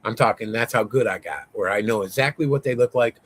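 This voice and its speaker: A man guesting on an interview, telling a story in a rambling, excitable way, full of swearing and fillers. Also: lowish voice, fast. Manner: rambling, profane, lots of fillers; excitable, voice rising as he tells it.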